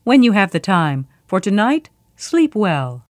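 A woman's voice: medium pitch, very animated, unhurried, no echo, studio quality. A woman voicing an anxious, wavering nobleman in a storybook reading, often mumbling and fretful. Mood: guarded. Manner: mumbling, fretful, at times urgent.

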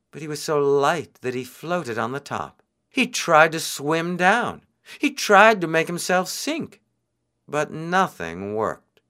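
A man reading a children's folk tale aloud in an expressive, unhurried way. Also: fairly high pitch. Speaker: storyteller.

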